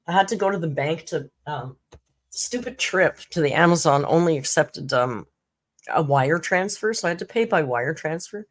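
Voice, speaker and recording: Low-voiced chatty woman host. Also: lively intonation, moderate pace. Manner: chatty storytelling, frequent laughs, acts out other people's lines. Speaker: YouTube commentary host. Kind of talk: casual live-stream chat.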